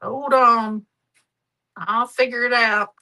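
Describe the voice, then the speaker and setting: A woman's voice: fairly high pitch, fairly even intonation, slow pace, bright, forceful tone, poor audio. A middle-aged woman hosting a live craft demonstration, chatty, homey and affectionate. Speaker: craft show host.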